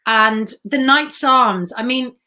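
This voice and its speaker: A woman, a podcast guest, chatting and telling stories with quick asides. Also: on the high side, bright, forceful tone. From Wales. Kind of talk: casual chat.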